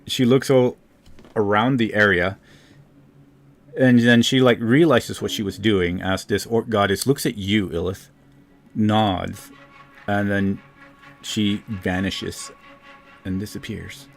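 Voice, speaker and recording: A man's voice: fairly low pitch, steady tone, takes it slowly, creaky, long pauses, faint music behind. A man narrating a tabletop game as game master, in a loose, rambling way. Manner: loose, rambling, fillers and restarts.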